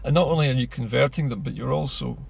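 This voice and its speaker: A man's voice: medium pitch, fast, creaky, a little hiss or hum. A man, speaking in an earnest, persuasive political monologue full of rhetorical questions. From Scotland. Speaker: political commentator.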